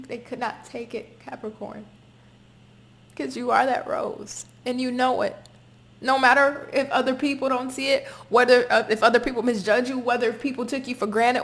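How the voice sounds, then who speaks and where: A woman giving a spoken tarot reading to her viewers, talking emphatically, repeating herself and swearing freely. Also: a little high. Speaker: tarot reader.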